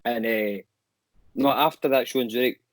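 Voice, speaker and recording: A young man, a guest musician, telling animated anecdotes in casual chat and swearing casually. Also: medium pitch, normal speed, dry recording, rough recording.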